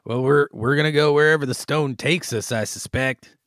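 A man's voice: on the high side, moderate pace, fairly bright tone, no echo, clean studio sound. A man casually talking as a player in a tabletop game, a bit hesitant. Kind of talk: casual play chat.

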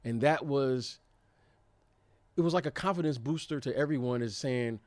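Guy in his 50s, former player, lively stories, repeats himself a lot. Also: medium pitch, moderate pace, long pauses, no echo. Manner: animated storyteller, repeats words, acts out quotes. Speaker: former pro basketball player, guest. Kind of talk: casual storytelling.

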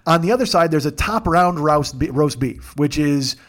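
A man telling casual comedic stories at a friend's house, profane and animated, acting out the dialogue in quick voices. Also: a little high.

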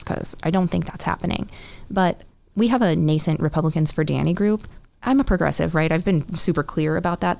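A woman's voice: low-pitched, gravelly, darkish tone. A woman running for Congress, talking earnestly in an interview, laying out points in lists and often checking in with "right?". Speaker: congressional candidate. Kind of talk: political interview.

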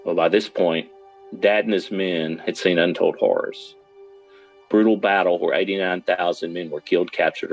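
A man recounting his father's wartime ordeal in an earnest, dramatic documentary interview, pausing for effect. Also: low voice, rough recording. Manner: earnest, dramatic retelling with pauses. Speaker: son recounting his father's war story.

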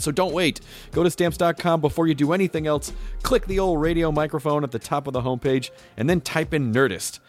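A man's voice: on the high side, brisk, faint music behind. A man hosting a podcast, reading ads and joking around in a playful manner. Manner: playful, jokey, slips into a radio DJ voice. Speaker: podcast host. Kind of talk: casual podcast chat and ad reads.

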